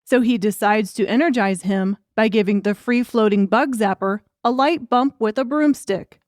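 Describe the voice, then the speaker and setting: A woman's voice: a little high, normal speed, a little mellow, no echo. A woman narrating an audiobook in a wry, crude comic storytelling manner.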